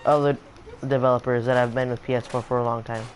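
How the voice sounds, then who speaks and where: A man co-hosting a casual game review, steering the topics and giving measured opinions. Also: mid-range voice, level tone, a little hiss or hum, low-quality recording. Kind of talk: casual chat.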